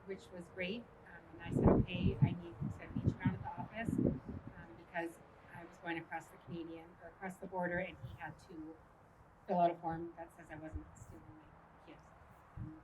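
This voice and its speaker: A middle-aged woman speaking at a memorial, recounting a personal loss haltingly with many pauses and fillers. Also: fairly low pitch, recorded from a distance, noisy background. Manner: halting, with frequent ums. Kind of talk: personal testimony speech.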